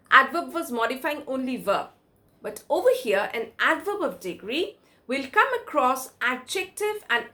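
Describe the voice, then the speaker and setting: A woman's voice: high voice, sharp tone. A woman with an Indian English accent teaching a grammar lesson, asking questions and answering them herself.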